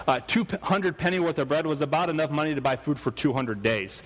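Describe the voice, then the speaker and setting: A man's voice: on the high side, fast talker, hardly any pauses, long reverb tail, poor audio. A man preaching a sermon, telling stories with animation and acting out the voices of people he quotes. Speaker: pastor.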